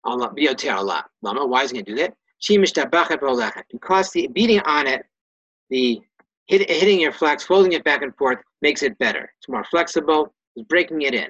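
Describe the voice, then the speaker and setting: Recorded dry with the highs cut off, this man speaks at medium pitch, animated and fairly quick, with a slightly bright tone. His Torah text-study lesson has him reading Hebrew and Aramaic phrases aloud, then translating each one plainly and casually, correcting himself as needed.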